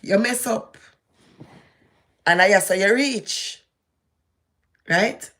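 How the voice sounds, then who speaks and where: A woman's voice: medium pitch, extremely slow, a bit bright. A woman with a Jamaican accent giving casual, preachy commentary and speaking straight to the person she addresses. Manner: preachy, emphatic, addressing someone directly. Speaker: vlogger.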